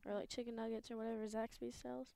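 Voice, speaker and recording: A woman's voice: fairly high pitch, level tone, quick pace, creaky, warm tone, a little hiss or hum. A woman co-hosting a podcast, chatting in an offhand, joking way. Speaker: podcast co-host. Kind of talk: casual chat.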